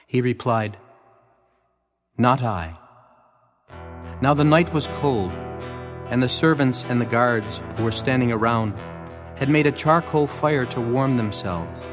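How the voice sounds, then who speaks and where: A man reading a scripture passage aloud in an even, measured way. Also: mid-range voice. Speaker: scripture narrator. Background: faint guitar music.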